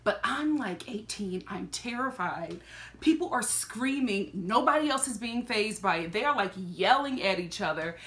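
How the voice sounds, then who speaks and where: Animated, bright-voiced woman vlogger. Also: medium pitch, normal speed. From Philadelphia, USA. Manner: animated, laughs often while telling stories. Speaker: reality TV reaction vlogger. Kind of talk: casual storytelling commentary.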